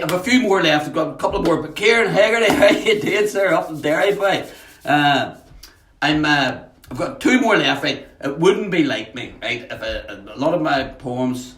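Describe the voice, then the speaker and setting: A man's voice: fairly high pitch, a bit bright. A man, a poet hosting a home livestream, chatting casually, greeting viewers by name with many fillers between readings. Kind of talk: casual live-stream chat and poetry reading. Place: at home, in a house. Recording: echoey room, voice off-mic.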